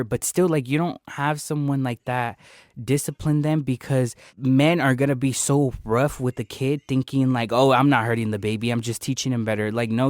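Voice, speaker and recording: A man's voice: medium pitch, a little mellow, no room sound, clean studio sound. A young man hosting a podcast in casual chat, loose and profane, asking his guest questions. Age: young adult. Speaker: podcast host.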